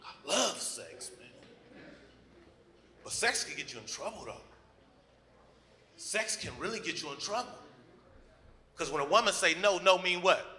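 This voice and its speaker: A man working a comedy club stage with a brash, crude stand-up set. His voice is bright and forceful, and his pitch jumps all over as he slips into quick put-on voices. He speaks on a handheld stage mic. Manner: loose, crude punchlines with vivid put-on voices.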